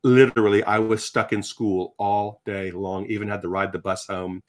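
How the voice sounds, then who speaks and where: Chatty man, low voice. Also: moderate pace. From Virginia, United States. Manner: animated, chatty, self-deprecating, many restarts. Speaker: guest. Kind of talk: personal storytelling in conversation.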